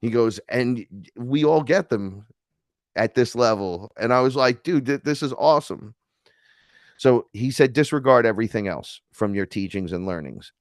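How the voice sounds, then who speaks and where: A man's voice: fairly low pitch, moderate pace, no room sound, clean studio sound. A man from New York telling a spiritual encounter story in casual talk, acting out the voices he quotes and swearing freely. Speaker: podcast guest.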